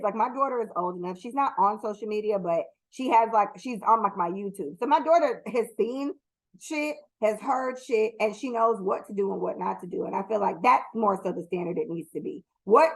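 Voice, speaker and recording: A woman's voice: medium pitch, low-quality recording. Blunt, profane woman podcast host. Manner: blunt, profane, rambling with many ums. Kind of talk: casual solo commentary.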